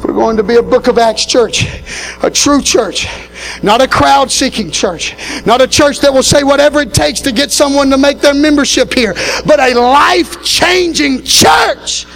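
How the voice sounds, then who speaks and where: Pastor, male, very high voice, impassioned preaching that shifts between shouting and quiet, soft music behind. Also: normal speed, creaky, rough recording. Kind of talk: Pentecostal sermon. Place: church.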